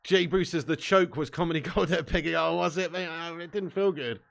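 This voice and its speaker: A man's voice: a little high, fairly even intonation, fairly quick, vocal fry, few pauses. A young man hosting a live football watch-along stream, commentating with swearing and banter while reading out chat messages. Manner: sweary, banter-heavy, swings from glum muttering to shouting and laughing.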